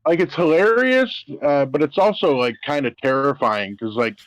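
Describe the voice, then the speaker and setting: Lively, profane man saying "dude". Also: on the high side, normal speed, muffled recording. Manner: profane, says "dude" a lot. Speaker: podcast co-host. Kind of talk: crude casual chat.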